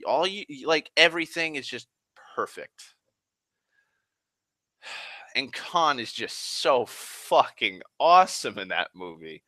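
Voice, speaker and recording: A man rambling casually on a live stream, excitable and sweary, sighing often. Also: mid-range voice, slow pace, pauses often, no room sound. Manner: excitable, profane, sighs often.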